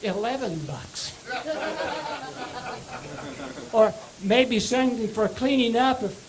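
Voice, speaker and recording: An older man doing stand-up in a high, squeaky voice, taking his time between slow, wry punchlines. He tells jokes at his own expense, live from a club stage. The audience laughs loudly all around him. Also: a faint crowd, rough recording. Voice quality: high squeaky voice after voice surgery. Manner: dry, self-mocking joke telling with wry pauses. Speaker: stand-up comedian. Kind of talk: stand-up comedy set.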